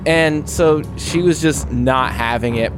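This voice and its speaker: Animated young man telling a story. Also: fairly high pitch, measured pace, over music. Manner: animated, acts out quoted voices, laughs often. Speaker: podcast co-host. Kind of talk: casual storytelling chat.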